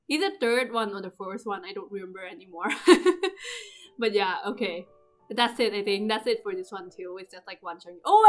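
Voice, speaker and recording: A young woman rambling through casual gameplay commentary, excitable and laughing often. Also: medium pitch. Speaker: gaming youtuber. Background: game music.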